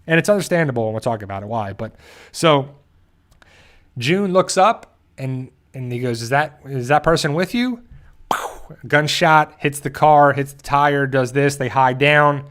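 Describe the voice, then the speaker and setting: A man's voice: mid-range voice, fairly bright tone. A man hosting a channel, casually recapping an episode in a rambling way and briefly acting out the characters' lines. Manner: rambling, with frequent restarts and quick acted-out quotes. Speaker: show host.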